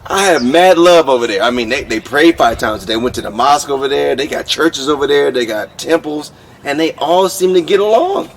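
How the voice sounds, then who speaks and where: Animated man telling stories. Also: fairly high pitch, fairly quick, a little hiss or hum. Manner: animated storyteller, acts out voices. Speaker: podcast co-host. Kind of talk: casual chat.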